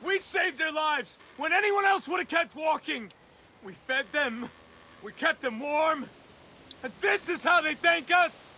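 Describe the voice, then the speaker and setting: Cornered teen, high, bright, swinging voice, faint ambience. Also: male voice, slight background noise, full character voice. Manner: shouting, pleading. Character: desperate teenage boy, cornered and volatile. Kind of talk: video game voice acting.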